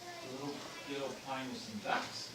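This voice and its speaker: A man's voice: mid-range voice, huge pitch swings, a little slow. A man giving a conversational lecture to a live audience, explaining examples and quizzing the room. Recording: echoey room, distant mic, noisy.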